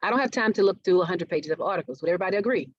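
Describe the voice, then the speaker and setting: With very fast speech and lively intonation, a woman with a fairly low voice leads a marketing workshop. She keeps her audience engaged by checking in with questions often. The dull webinar audio is dry and echo-free.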